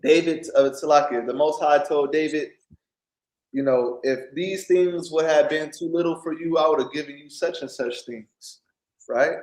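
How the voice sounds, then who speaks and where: A man preaching informally on scripture, often pausing to ask "right?" and restarting his sentences. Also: a little high. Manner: keeps asking "right?", stops and restarts often. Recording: echoey room.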